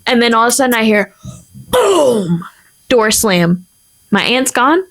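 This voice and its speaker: A young woman co-hosting a podcast, telling a family story in a casual, animated way with lots of fillers. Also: a little high, unhurried. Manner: animated, acts out quoted people, many fillers. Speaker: podcast co-host.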